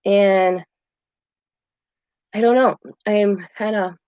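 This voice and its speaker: Slow, a little mellow and fairly even in intonation, her medium-pitched voice carries the meandering home chat of this older craft-channel woman, who often chuckles. No room sound comes through, and the recording is dull, dry and lo-fi.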